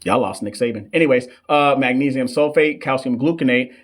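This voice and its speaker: A man in his thirties, hosting a live question session for nursing students. He talks in a loose, chatty way, answers the chat between questions, and stumbles over long drug names. His voice sits at an ordinary middle pitch. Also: brisk. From United States. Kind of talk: casual live-stream teaching. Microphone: desk microphone.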